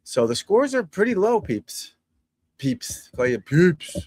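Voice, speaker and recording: Chatting casually and rambling to his viewers from a room at home, a golf instructor breaks off now and then to talk to his dog. His voice sits high and sing-song, slow, a little mellow and husky, and the audio is poor.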